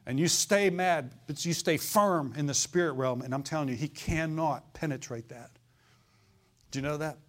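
A man's voice: fairly high pitch, normal speed, fairly bright tone. Fiery preacher man. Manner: fiery, folksy preaching with call-and-response. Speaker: pastor. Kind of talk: sermon.

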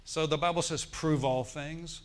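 A man's voice: on the high side, steady tone, unhurried. A middle-aged male pastor preaching a sermon in a church, telling a story with emphatic bursts.

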